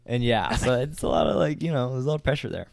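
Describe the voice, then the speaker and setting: A man's voice: medium pitch, expressive, fast, gravelly, a little mellow, dry recording. A young man co-hosting a podcast, telling a story in a loose, slangy, swear-filled way. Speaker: podcast co-host. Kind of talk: casual storytelling chat.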